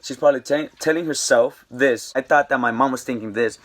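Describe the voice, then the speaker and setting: A man's voice: mid-range voice, fairly quick, few pauses, a little hiss or hum. A young man casually telling a rambling, slangy story to camera, with lots of fillers. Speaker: vlogger.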